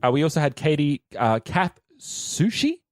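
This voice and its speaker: A woman in her thirties hosting a podcast, chatting casually with jokey deadpan asides. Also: deep voice, moderate pace, dry recording, clean studio sound. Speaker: podcast host. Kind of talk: casual chat.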